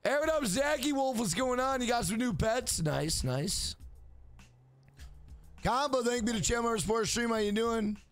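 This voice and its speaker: A man's voice: extremely high pitch, animated, measured pace, faint music behind. A man hosting a casual game livestream, talking loosely and profanely to his chat.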